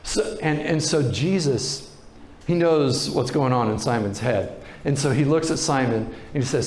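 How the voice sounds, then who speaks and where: A pastor preaching a sermon, retelling a story in a relaxed, conversational way. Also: male voice, mid-range voice, unhurried, roomy sound, a little hiss or hum.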